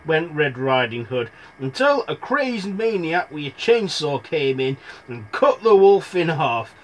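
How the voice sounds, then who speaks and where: A man's voice: fairly high pitch, sing-song, unhurried. A young man telling fairy tales in a rambling, irreverent comic retelling, full of asides. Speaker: storyteller.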